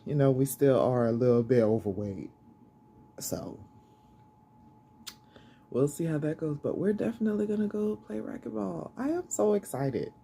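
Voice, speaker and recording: A woman's voice: low voice, moderate pace, creaky, pauses often, warm tone, a little hiss or hum. A middle-aged woman, chatting casually to her camera, repeating herself and making self-deprecating asides. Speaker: vlogger.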